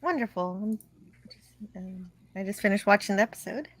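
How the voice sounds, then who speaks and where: A woman's voice: medium pitch, moderate pace. A woman joining a review panel, cheerful and breezy, sounding a little distant from her mic. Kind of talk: casual chat.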